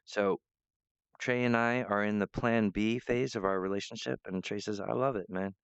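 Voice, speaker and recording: A man's voice: fairly low pitch, steady tone, moderate pace, smooth, no echo, muffled recording. A man rambling in a monologue to camera, meandering, restarting often and breaking off to apologize. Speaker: vlogger.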